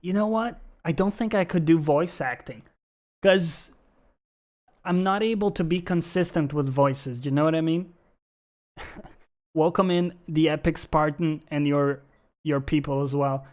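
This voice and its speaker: A man's voice: a little high, a little mellow. A male game streamer giving casual, sarcastic, profane live commentary while playing and chatting with viewers.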